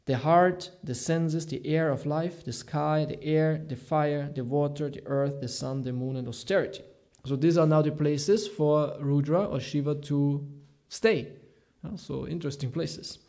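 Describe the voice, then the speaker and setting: Guy teaching a scripture class, kinda high voice, halting and thinking out loud. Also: creaky. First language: German. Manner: halting, thinks aloud, searches for words. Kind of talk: reading scripture aloud with commentary.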